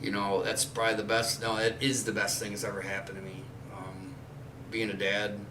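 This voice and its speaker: A man in his forties hosts a podcast, speaking fairly low and a little fast in a monotone. He's blunt, swears a lot, and rambles loosely through casual chat. The recording sounds roomy and distant, with faint ambience and a noisy background.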